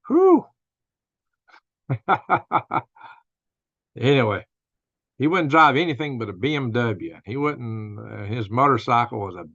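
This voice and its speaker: A man's voice: medium pitch, a bit bright, no echo, highs cut off. An older man hosting a casual live-stream, telling rambling stories and laughing at his own jokes. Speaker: host of a news and commentary stream.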